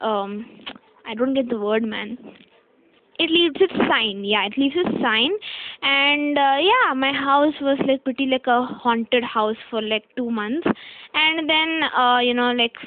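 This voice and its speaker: A high-pitched young woman rambles through a personal story, often correcting herself and checking in with "okay?". The sound is thin and tinny like a phone line, with a dry, close quality and no room echo. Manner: chatty, rambling, self-correcting, frequent "okay?" asides. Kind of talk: casual storytelling.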